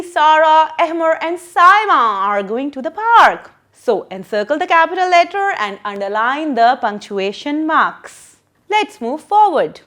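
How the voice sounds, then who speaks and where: A woman's voice: fairly high pitch, a bit bright. A woman teacher explaining a lesson to children, patient and repeating her questions.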